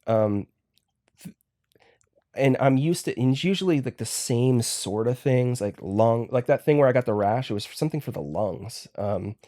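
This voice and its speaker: A man's voice: mid-range voice, animated, mellow, no room sound, clean studio sound. A man, a podcast guest, telling stories casually, stopping and restarting often. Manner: halting, full of restarts and fillers. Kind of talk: casual storytelling.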